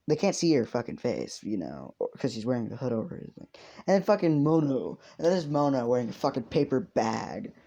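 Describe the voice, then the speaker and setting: A man's voice: mid-range voice, dark tone. A young man casually improvising a story, rambling and swearing heavily.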